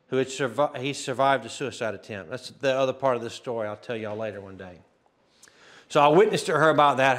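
A man's voice: medium pitch, fairly bright tone. A man pastor telling a testimony in a sermon, acting out dialogue and laughing often. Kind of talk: sermon storytelling.

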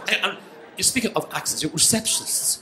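Bright, high-voiced Irish stand-up comedian. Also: male voice, a little fast, slight background noise. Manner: chatty, mimics voices for laughs. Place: comedy club stage.

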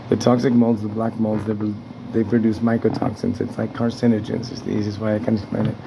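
A man's voice: lowish voice, level tone, brisk, creaky, noisy background. A man ranting in his apartment as a tenant, agitated and heavily profane, restarting and repeating himself. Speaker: tenant vlogger. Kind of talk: angry rambling rant. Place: apartment indoors.

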